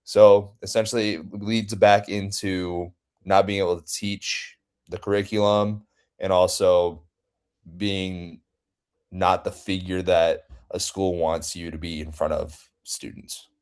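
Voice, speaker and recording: A man student reading a class presentation haltingly, with restarts. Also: low-pitched, little pitch movement, a little mellow, smooth.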